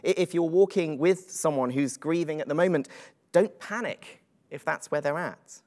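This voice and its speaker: A man's voice: on the high side, moderate pace, a little mellow. A man preaching a reflective, earnest sermon with frequent ums and uhs.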